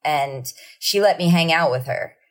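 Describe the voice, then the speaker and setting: A woman's voice: low voice, measured pace. A woman musician telling casual stories as a podcast guest, acting out the people in them. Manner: lively anecdotes with acted-out quotes. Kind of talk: casual storytelling.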